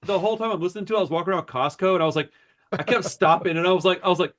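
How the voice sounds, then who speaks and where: A man co-hosting a podcast, telling a story in a rambling, animated way, peppered with swearing and "bro" and "dude.". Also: sits high, rapid-fire. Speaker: podcast co-host. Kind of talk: casual chat.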